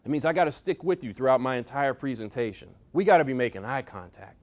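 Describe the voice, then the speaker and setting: A man giving a lively motivational talk to a workshop audience, coaching them with sports analogies, repetition and swings in loudness. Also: medium pitch, quick pace. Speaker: speaker at a leadership workshop. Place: meeting room with audience.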